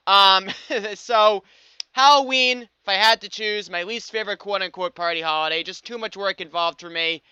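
A man's voice: high voice, fairly even intonation, brisk, few pauses, bright, forceful tone, clear, resonant tone, no room sound. A young man from the United States hosting a sports podcast, talking upbeat and wry with frequent fillers. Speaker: podcast host. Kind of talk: scripted sports podcast monologue. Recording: slightly dull dry podcast audio.

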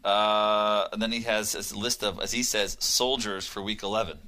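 A man's voice: on the low side, fairly even intonation, normal speed, pushed and bright. A man co-hosting a fantasy football radio show, reading listener emails aloud in a wry, casual way.

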